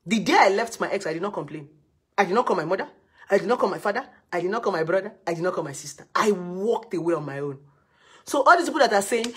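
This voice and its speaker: Woman, Nigerian accent, husky voice, blunt, scolding, lecturing advice host. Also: on the low side. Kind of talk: live video advice session.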